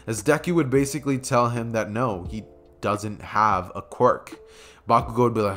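A man's voice: medium pitch, animated, moderate pace, a bit bright, faint music behind. A young man casually improvising a fan story, rambling with many fillers and chuckling asides, at a desk mic by a keyboard.

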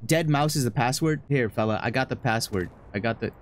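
A man streaming a horror game, joking, excitable and laughing often. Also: mid-range voice, brisk, slight background noise. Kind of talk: horror game let's play commentary.

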